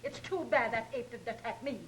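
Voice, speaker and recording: A tart, scornful woman after money, played by an actress, talks in a fairly high voice. This is 1930s film acting. Faint hiss sits under the old soundtrack. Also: a little fast, a bit bright, lightly acted, poor audio. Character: sharp-tongued greedy woman after money.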